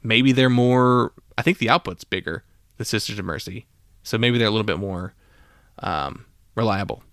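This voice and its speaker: A man's voice: on the low side, normal speed, fairly bright tone, no room sound, studio quality. Casual man hosting a music podcast. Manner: casual, rambling with frequent fillers. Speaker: podcast host. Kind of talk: solo music podcast monologue.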